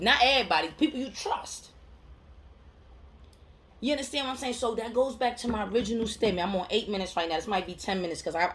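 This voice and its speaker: A woman mental health counselor delivers a heartfelt motivational monologue to camera in a mid-range voice. She's emphatic and slangy, repeating phrases to drive her point home.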